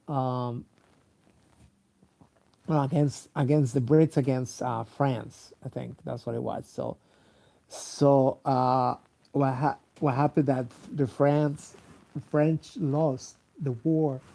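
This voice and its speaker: A sleepy man with a dark, gravelly voice rambles slowly through a casual monologue. He stops often for fillers and restarts and swears freely. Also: mid-range voice. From Mexico. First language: Spanish. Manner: halting, many fillers and restarts, profane.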